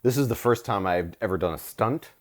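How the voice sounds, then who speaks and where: A man's voice: on the low side, fairly quick, noisy background. Joking man with a cold, co-hosting. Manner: jokey, swears freely, bursts into silly voices. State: has a cold. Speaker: co-host. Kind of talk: casual movie-watching banter. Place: living room couch at home.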